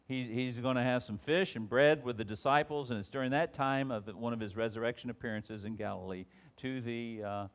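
A man's voice: medium pitch, a little fast, few pauses. A man teaching an informal Bible class, reading scripture aloud and then talking it over with frequent restarts. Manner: reads scripture aloud with rising emphasis, then talks it over with many restarts.

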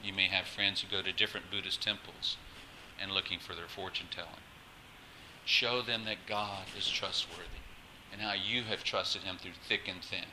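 A man's voice: on the low side, sharp tone, a little hiss or hum, low-quality recording. A male pastor preaching a sermon, emphatic and exhorting, often restarting his phrases.

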